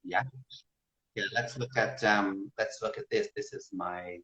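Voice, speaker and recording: An Irish man with a deep, low voice speaks as an interview guest. He talks in a measured way and demonstrates pronunciations as he explains. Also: fairly even intonation, bright, forceful tone, low-quality recording. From Ireland. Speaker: guest language expert. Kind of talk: casual interview explaining accents.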